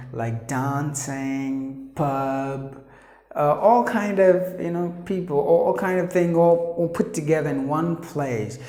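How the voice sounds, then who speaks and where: A woman teaches pronunciation in an echoey room. She talks slowly in a low voice, repeating each word and explaining with frequent fillers. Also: a little mellow. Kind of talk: pronunciation lesson.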